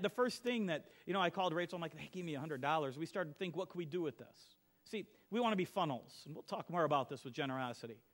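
A middle-aged man preaching from the pulpit in a fairly high voice. He talks like he is telling stories to friends, dropping to quiet asides and then pressing hard on key lines. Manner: conversational storytelling, swings from soft to emphatic. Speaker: pastor. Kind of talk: sermon.

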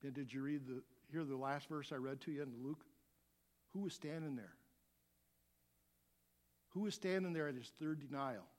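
A middle-aged man preaching a sermon as a pastor, animated, dropping to quiet asides and rising to loud shouts. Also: mid-range voice, normal speed, pauses often.

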